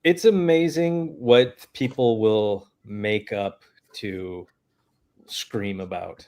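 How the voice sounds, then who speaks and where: A man's voice: on the low side, drawn-out words, darkish tone. A man making wry, laid-back remarks in a casual group chat.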